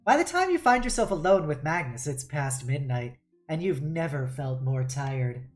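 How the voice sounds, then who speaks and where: A woman's voice: sits low, very animated, moderate pace, faint music behind. A woman streaming a game live, reading its text aloud in a playful, mock-dramatic way and laughing often.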